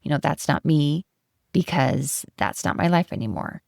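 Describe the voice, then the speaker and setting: A woman life coach hosting a solo podcast, talking in a gentle, encouraging, reflective way. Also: low-pitched, animated, moderate pace, gravelly, dry recording, studio quality.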